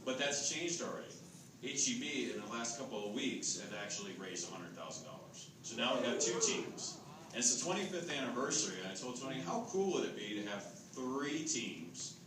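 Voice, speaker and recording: A man on a charity ride team telling a relaxed story with many hesitations. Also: medium pitch, moderate pace. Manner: relaxed, hesitant, lots of "uh" fillers. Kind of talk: casual storytelling to a camera. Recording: echoey, distant, noisy.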